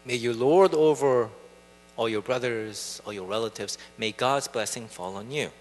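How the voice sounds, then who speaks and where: A man's voice: a little high, expressive, normal speed, fairly bright tone. A preacher voicing an old blind father, casual and echoing. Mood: solemn. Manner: casual storyteller's voicing, conversational. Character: old blind father, suspicious then solemn.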